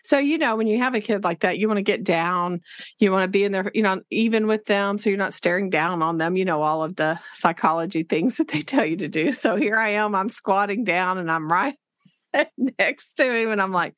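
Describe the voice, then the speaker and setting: A woman's voice: medium pitch, lively intonation, fairly quick, fairly bright tone, dry recording, clean studio sound. A middle-aged woman, a teacher and podcast co-host, chatting casually and acting out the voices of her classroom talk with laughter. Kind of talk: casual conversation, storytelling.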